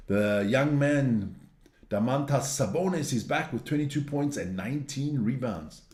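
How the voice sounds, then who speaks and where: A man's voice: medium pitch, darkish tone, echoey room. A man hosting a sports news show, reading through results in a casual, blunt and opinionated way, ranting and cursing as he goes.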